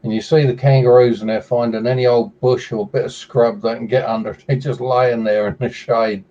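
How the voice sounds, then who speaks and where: A man's voice: medium pitch, flat delivery, moderate pace, warm tone, far from the mic, muffled recording. A man in a casual chat, telling tall stories with dry humor. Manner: dry joke-telling storyteller.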